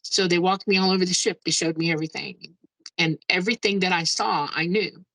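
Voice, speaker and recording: A woman guest recounts her experience in casual, eager storytelling, her voice lowish and full of gravelly fry. She exclaims often and laughs through her account. The sound is close and dry, with no room around it. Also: brisk, sharp tone, no echo, poor audio. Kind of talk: casual first-person storytelling.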